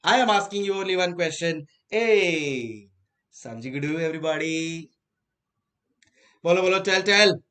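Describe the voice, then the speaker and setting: A man's voice: a little high, expressive, normal speed, pauses often, a bit bright. A man with an Indian accent giving a classroom lecture on finance, quizzing the class and repeating key phrases. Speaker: finance teacher.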